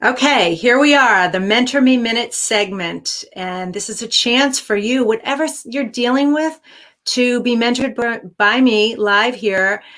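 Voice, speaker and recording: A woman's voice: on the high side, unhurried, fairly bright tone. A woman hosting a live-streamed show, answering viewer questions with earnest, encouraging life-coaching advice.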